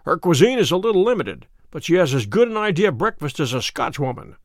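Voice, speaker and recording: A sharp, self-assured detective talks in a brisk, dry way, as a man reads him in an audiobook. The voice sits a little high and moves a lot in pitch. The sound is close and dry. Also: big pitch swings, no room sound. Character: sharp, wry male detective, brisk and confident. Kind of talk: audiobook character reading.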